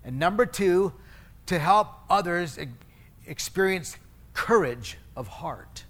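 A middle-aged male pastor preaches in a conversational, storytelling style, poking fun at himself and restarting or correcting phrases mid-sentence. His voice sits high with lively intonation and a fairly bright tone, and he takes it slowly.

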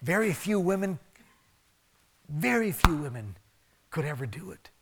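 A man preaching a sermon in a conversational way, swinging from emphatic bursts down to soft, hushed asides. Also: fairly high pitch, sing-song, measured pace, background noise. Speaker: pastor.

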